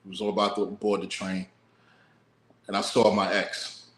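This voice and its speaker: A man's voice: fairly low pitch, monotone, moderate pace, fairly bright tone, reverberant, a little hiss or hum. A man co-hosting a podcast, musing in a laid-back, profane way. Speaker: podcast co-host. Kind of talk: casual podcast chat.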